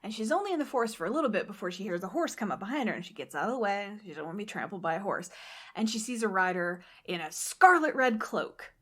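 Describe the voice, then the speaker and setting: A woman casually retelling a fairy tale on a podcast, animated, swearing and slipping into the characters' voices. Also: mid-range voice. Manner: animated, swears, acts out characters in quick asides. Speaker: podcast co-host and storyteller.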